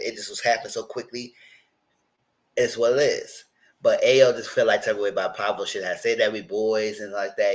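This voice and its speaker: A man hosting a reality TV recap, retelling scenes in a loose, rambling way with quoted asides. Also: on the low side. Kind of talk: casual recap commentary.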